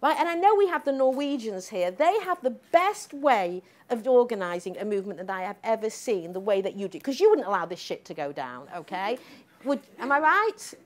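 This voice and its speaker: High, animated older woman lecturing. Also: brisk. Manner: emphatic, sardonic, tags lines with "okay?" and "right?". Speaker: professor giving a lecture. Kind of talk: public lecture.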